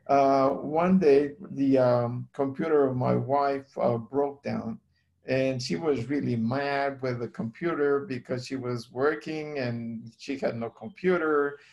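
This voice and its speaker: Earnest man with a gravelly voice. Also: mid-range voice, fairly even intonation, a little mellow, highs cut off. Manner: earnest, halting with repeated words. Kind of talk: casual storytelling on a call.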